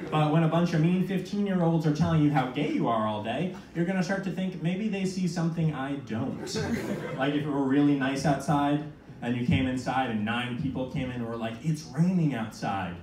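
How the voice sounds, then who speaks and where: A young man in his twenties performing a stand-up comedy set, telling self-mocking stories with quick asides. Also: fairly high pitch, darkish tone. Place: small comedy venue with audience. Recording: echoey room from a far mic, noisy.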